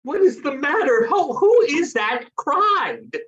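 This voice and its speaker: A woman's voice: high-pitched, very animated, slow, highs cut off, heavily acted. A woman reading the part of a distressed, defensive young courtesan, faltering and stammering. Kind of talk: amateur play reading.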